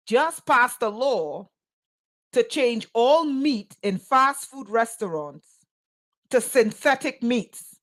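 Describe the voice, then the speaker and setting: Emphatic woman, slow and pointed. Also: fairly high pitch, lively intonation, a bit bright. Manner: emphatic, rhetorical questions, sarcastic asides. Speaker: spiritual teacher. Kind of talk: impassioned spoken monologue.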